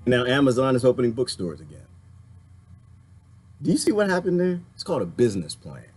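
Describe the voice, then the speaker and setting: Heated, husky-voiced man ranting. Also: mid-range voice, a little fast. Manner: fiery, heated, swinging between shouting and muttering to calm down. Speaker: commentary vlogger. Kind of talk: impassioned political rant.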